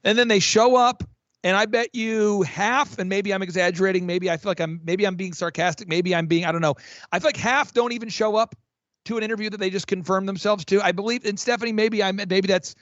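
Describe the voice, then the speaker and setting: Fast, high-energy male business coach. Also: no room sound, muffled recording. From Oklahoma. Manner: energetic, emphatic, many restarts. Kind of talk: fast promotional podcast talk.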